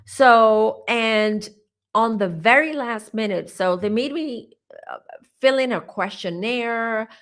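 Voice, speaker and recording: A woman in her forties hosting a psychic channel, telling a personal story in a chatty, animated way with asides to her viewers. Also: on the high side, slow pace. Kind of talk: casual storytelling to camera.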